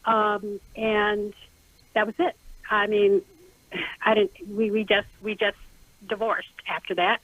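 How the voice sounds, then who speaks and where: A middle-aged woman calling in to a radio advice show, speaking haltingly with many restarts. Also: medium pitch, little pitch movement, fairly bright tone, dry recording. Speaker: caller. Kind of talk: call-in radio question. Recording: phone line.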